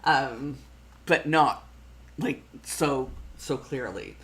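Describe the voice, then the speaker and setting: A woman's voice: rumbling low, drawn-out words, a bit bright. A middle-aged Canadian woman with a Canadian accent, hosting a planning livestream in a casual, rambling chat full of fillers and restarts.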